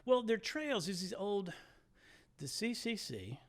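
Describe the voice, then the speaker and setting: A man in his sixties from the United States, a former teacher telling travel stories in a casual chat, animated and laughing as he goes. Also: sits high, takes it slowly. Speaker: guest, former high school teacher.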